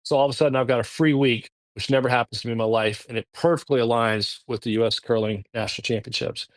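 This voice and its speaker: A man's voice: medium pitch, no echo. Southern man telling a story. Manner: animated, halting, lots of restarts. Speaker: podcast guest. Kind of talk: casual storytelling.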